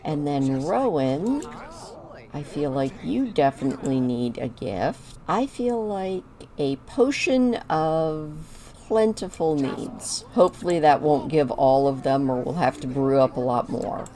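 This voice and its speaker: Slow, lively-toned woman gaming. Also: low voice. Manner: chatty, narrates her own moves. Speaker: gaming video creator. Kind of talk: casual game commentary.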